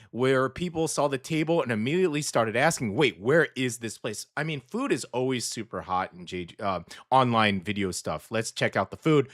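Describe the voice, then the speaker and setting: A male radio host talking casually, chatty and relaxed, often tagging his sentences with "okay?". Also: mid-range voice, no room sound, studio quality. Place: radio studio.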